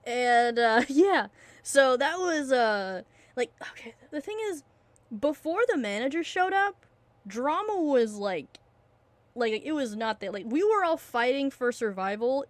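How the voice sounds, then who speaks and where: A young woman telling a long story in a casual, rambling way, full of fillers and restarts, excitable and often losing her train of thought. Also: on the high side, no echo.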